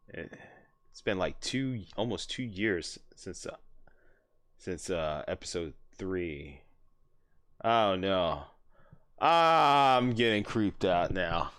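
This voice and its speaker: A man's voice: low-pitched, sing-song, drawn-out words, pauses often, a little hiss or hum. Rambling young man streaming a game. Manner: rambling, repeats himself, says man a lot. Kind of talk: casual live gameplay chat. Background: loud game music.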